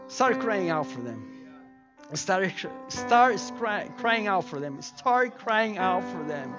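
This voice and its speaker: A man's voice: high voice, big pitch swings, slow, highs cut off. A male pastor leading a sermon and altar prayer, pleading fervently and repeating his cries to God. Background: keyboard music.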